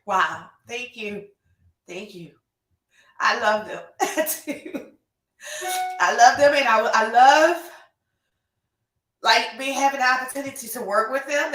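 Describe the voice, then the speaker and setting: A woman's voice: mid-range voice, pushed and bright. Gushing woman host in an echoey room. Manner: gushing, effusive, emotional. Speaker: podcast host and reptile breeder. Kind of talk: casual live-stream chat, reading viewer comments. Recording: echoey room, distant mic.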